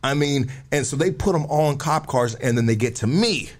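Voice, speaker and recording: A man hosting a podcast in loose casual chat. He tells a story full of street slang and acts out the people in it, his voice leaping up for the quotes. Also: moderate pace. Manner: animated, acts out quotes with big pitch jumps and slang. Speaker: podcast host.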